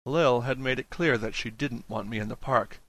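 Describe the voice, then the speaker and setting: A man narrates a first-person audiobook at a measured, reflective pace. His voice is bright and crisp, and the studio recording is dry, with no echo. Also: medium pitch.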